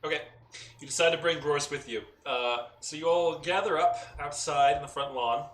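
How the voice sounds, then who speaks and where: A man narrates a tabletop game as its game master, relaxed and full of fillers. His voice is bright and forward. The sound is roomy, with him sitting back from the mic over a faint hiss. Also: fairly high pitch, moderate pace. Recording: roomy echo, mic at a distance, faint noise.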